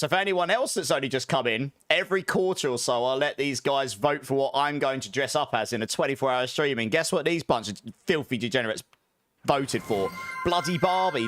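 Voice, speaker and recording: A man's voice: mid-range voice, a bit bright, no room sound. Upbeat male streamer, dry close sound. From Britain. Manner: upbeat, jokey, laughs often, thanks viewers by name. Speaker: live streamer. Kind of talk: casual live-stream chat with viewers.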